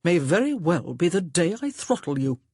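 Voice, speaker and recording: Woman reading a roguish gentleman, low husky voice, dry sardonic delivery, clipped lines. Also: sing-song, normal speed, no room sound. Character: roguish wry gentleman, self-assured. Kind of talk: audiobook character voice.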